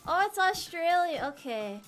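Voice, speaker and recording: High-pitched american-raised girl streaming, bright sharp voice, teasing chat and tripping over her words. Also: big pitch swings, unhurried. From United States. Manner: playful, teasing banter with chat, frequent restarts. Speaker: VTuber streamer. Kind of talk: casual live-stream chat while playing a game. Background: faint game music.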